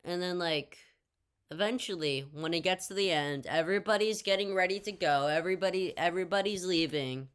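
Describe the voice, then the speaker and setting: A young woman narrates a casual storytime tale with a fairly low voice for her. She rambles and drops in jokey asides and little fillers as she goes. The telling is loose and chatty. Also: fairly quick, smooth.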